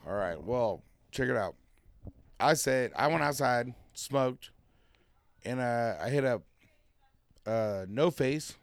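A man's voice: medium pitch, animated, takes it slowly, long pauses, clear, resonant tone, dry recording. A man telling a rambling, profane story in casual banter with friends, acting out quotes. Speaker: podcast co-host telling a story.

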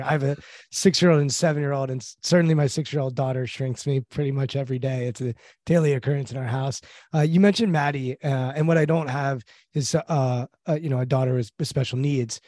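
A man in his thirties interviewing a guest, asking his question haltingly, with many restarts. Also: medium pitch, fairly even intonation, a little mellow, no echo, studio quality. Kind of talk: casual interview.

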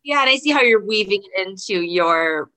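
A woman's voice: mid-range voice, animated, moderate pace, sharp tone. A woman guest on a podcast, speaking over a video call in a reflective, hesitant way as she searches for her words. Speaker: podcast guest, performer and mother. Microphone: video call microphone.

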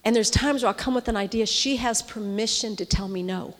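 A woman's voice: on the high side, fairly quick. A middle-aged woman preaching to a women's gathering, her voice carrying with a long reverb through a large hall. She talks conversationally and keeps checking in with her listeners. When she is moved she drops to a near-whisper. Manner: conversational, often checks in with the audience. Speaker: women's ministry speaker. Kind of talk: sermon.

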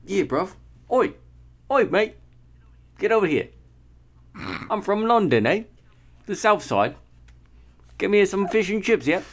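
A man voicing a brash young male London punk, loud and cocky, with exaggerated slang. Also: sits high, sing-song, unhurried, long pauses, full character voice.

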